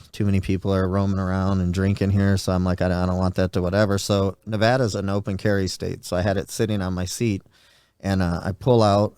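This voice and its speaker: Guy in his 40s, kinda low smooth voice, rambly storytelling, dry close sound. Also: a little mellow, no room sound. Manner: rambling, acts out quoted dialogue. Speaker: podcast host. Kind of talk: casual storytelling.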